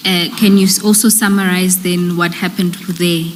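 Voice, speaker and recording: Flat-toned woman questioning. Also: on the low side, moderate pace, in a large hall, slight background noise, low-quality recording. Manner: polite, procedural. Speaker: evidence leader questioning a witness. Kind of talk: formal questioning at an inquiry.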